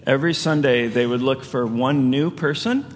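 A man's voice: medium pitch, moderate pace, a little hiss or hum. A man preaching a sermon as a pastor, telling stories in a loose conversational way with frequent chuckles. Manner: conversational storytelling with frequent laughs. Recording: long reverb of a large hall.

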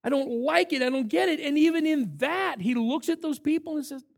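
An older man, a camp director, giving a sermon full of stories, emphatic and animated as he acts out what people said. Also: very high voice, a little fast, creaky. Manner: animated, emphatic storyteller who acts out quotes. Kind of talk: sermon with storytelling.

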